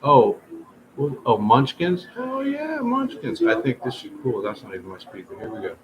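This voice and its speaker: This livestream host talks fairly quickly at a fairly low pitch, addressing his viewers directly in a casual, rambling chat. Noisy room ambience can be heard.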